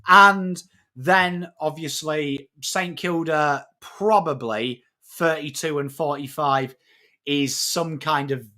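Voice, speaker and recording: A man's voice: on the high side, takes it slowly. An English man hosting a live footy stream, chatting matily with viewers and breaking down trades, swearing now and then. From England. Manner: matey, excitable, swears freely, greets chat by name. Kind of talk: casual live-stream chat and trade analysis.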